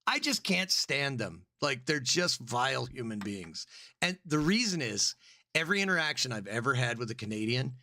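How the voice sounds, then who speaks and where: A man co-hosting a podcast, chatting casually and rambling with mocking voices. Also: normal speed. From United States. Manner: animated, rambling, puts on mocking squeaky voices. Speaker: podcast co-host. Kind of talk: casual comedic podcast chat.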